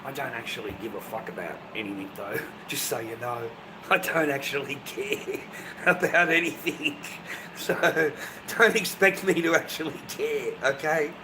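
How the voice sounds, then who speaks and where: A man's voice: mid-range voice, normal speed, noisy background. An Australian man ranting casually on his live stream, profane, rambling and dismissive.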